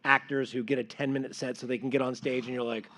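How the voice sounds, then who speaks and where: A man's voice: medium pitch, fast. A male comedian on a convention panel, telling stories and acting out quoted lines. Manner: animated storyteller, acts out quoted lines. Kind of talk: panel discussion.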